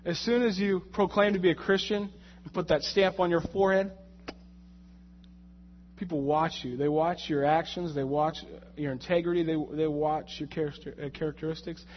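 A man giving a conversational sermon, telling a personal story in an animated, joking way and getting loud when he relives his anger. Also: fairly high pitch, normal speed, slight background noise. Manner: animated, jokey storytelling with rising, shouted anger in the retold moments. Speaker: lay preacher. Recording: dull lo-fi sound.

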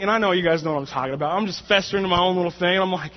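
Guy preaching casual, tells a jokey story, slightly high voice, gets loud and worked up, kinda dull muffled sound. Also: very fast, hardly any pauses. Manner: animated, jokey storytelling with rising, shouted anger in the retold moments. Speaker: lay preacher. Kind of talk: conversational sermon with a personal story.

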